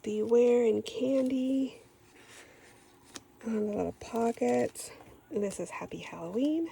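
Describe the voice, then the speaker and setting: A woman's voice: on the high side, slow pace, gravelly, pauses often, warm tone, slight background noise, low-quality recording. Gushing woman unboxing craft goodies. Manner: gushing, gasping, says "oh my gosh" often. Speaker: craft channel host. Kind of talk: unboxing a craft swap package.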